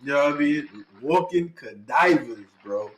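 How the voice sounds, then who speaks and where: A man's voice: fairly high pitch, normal speed, noisy background. A young man hosting a reaction video, hyped and chatty, repeating lines he likes and laughing often. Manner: excited, repeats phrases, laughs often, hype interjections. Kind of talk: casual reaction commentary.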